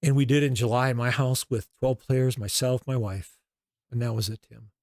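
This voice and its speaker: Middle-aged man, animated storyteller. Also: medium pitch, moderate pace, no room sound, studio quality. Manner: animated storyteller, acts out quoted dialogue. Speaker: basketball coach, guest. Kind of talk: storytelling interview talk.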